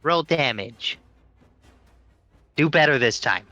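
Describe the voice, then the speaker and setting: A man playing a tabletop game over voice chat, talking slowly and hesitantly between jokes. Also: fairly high pitch, lively intonation, bright, forceful tone, dry recording, dull audio, soft background music. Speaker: player.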